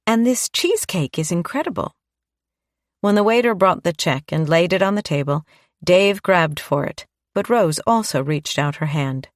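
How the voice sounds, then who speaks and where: Woman, audiobook narrator, low voice, dry close sound, calm storytelling. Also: moderate pace, no echo. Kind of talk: scripted narration.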